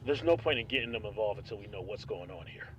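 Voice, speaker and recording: An actor voicing a man in a video game who gives brisk instructions. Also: on the low side, lively intonation, fairly bright tone, muffled recording, a little hiss or hum. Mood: instructing.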